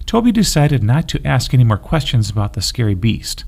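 Man, gentle storybook narrator, lively sing-song delivery. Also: fairly low pitch, moderate pace, gravelly, few pauses, slightly rough. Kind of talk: children's story reading.

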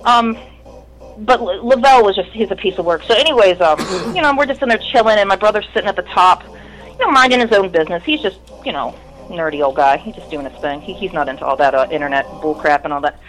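A woman's voice: on the low side, quick pace, rough recording. A woman in her thirties, a guest in an interview, telling her story in a candid, rambling way and swearing often.

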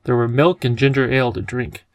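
A man reading an audiobook chapter as narrator, in steady, measured storytelling. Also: mid-range voice, no echo, rough recording. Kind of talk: scripted narration.

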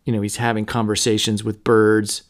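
A man hosting a podcast, talking through a novel in a low-key, conversational way with frequent fillers. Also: completely flat delivery, moderate pace. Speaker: podcast host. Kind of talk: casual book discussion.

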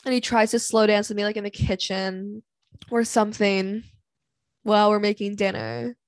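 With no room sound at all, a young woman on her solo podcast rants about dating pet peeves. Her medium-pitched voice stays fairly even and moves at a normal speed. She is candid, dramatic and blunt, cursing freely and sighing often.

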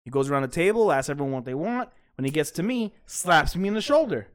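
A podcast co-host with a voice that sits high tells a story at a fairly quick clip. He's animated and crude in the casual conversation, laughing through the tale.

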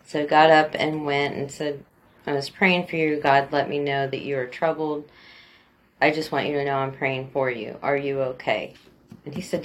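Woman, deep voice, casual storyteller on a faith podcast, quick to laugh. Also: fairly even intonation. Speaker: podcast co-host.

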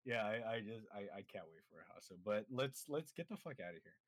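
A man's voice: fairly low pitch, animated, a little fast, a bit bright, no room sound. A man chatting casually as a podcast co-host, rambling with many fillers and frequent laughter.

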